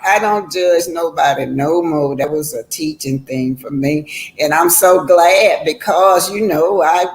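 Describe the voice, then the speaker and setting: A woman's voice: low-pitched, measured pace. An older woman hosting a livestream, telling a personal story in a rambling, homespun way and often calling her viewers "y'all". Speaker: livestream host. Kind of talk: casual storytelling to a live chat.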